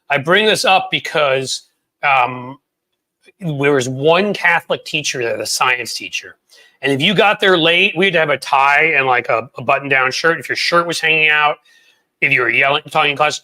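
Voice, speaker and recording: Blunt, bright-voiced man hosting a chat. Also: a little high, normal speed. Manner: blunt, profane, rambling. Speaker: host. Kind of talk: casual political chat.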